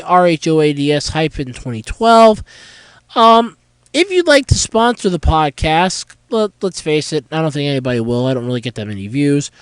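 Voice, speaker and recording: A man hosting a solo podcast, nasal and congested from a head cold, with a sore throat, chatting in a rambling way full of fillers and pauses. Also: sits high, clean tone, no echo, poor audio. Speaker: podcast host. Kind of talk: casual solo podcast talk.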